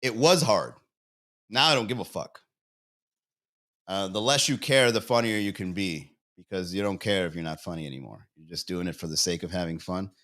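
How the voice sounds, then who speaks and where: Low-voiced and fairly bright in tone, this man talks at a moderate pace while hosting a comedy livestream. He rambles and curses through casual banter, laughs at his own jokes, and addresses the chat viewers directly.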